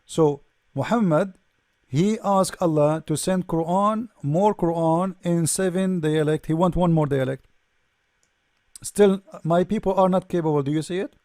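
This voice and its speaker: Sarcastic high-voiced man with a lilt. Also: a little mellow, dry recording, studio quality. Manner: mocking, sarcastic, repeats and restarts words. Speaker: debate show host. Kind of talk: polemical commentary reading from a screen.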